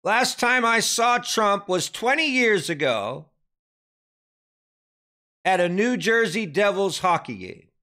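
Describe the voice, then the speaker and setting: A man delivers a dramatic sermon, hammering questions at his listeners before dropping to a grave hush. His voice sits high and bright and leaps all over its range. He takes his time, drawing out each phrase. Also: sing-song, slow, long pauses. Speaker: preacher. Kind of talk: impassioned sermon commentary.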